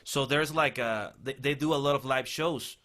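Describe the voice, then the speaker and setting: A man's voice: mid-range voice, moderate pace, bright, forceful tone. A man from Mexico with a Mexican Spanish accent, a native Spanish speaker, chatting as a guest comedian and asking teasing questions. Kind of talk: casual comedy chat.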